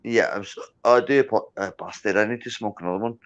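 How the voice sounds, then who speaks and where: A man's voice: fairly low pitch, steady tone, fast. A Scottish man, tipsy with hiccups, rambling in boisterous drunken banter as a guest on a livestream. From Scotland. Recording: dull lo-fi sound.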